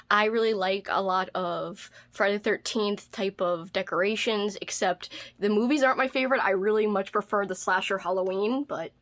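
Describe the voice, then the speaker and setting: A woman's voice: mid-range voice, moderate pace, hardly any pauses, a bit bright. A woman book vlogger chatting casually through a haul video, bubbly and gushing over cute things with a self-mocking streak.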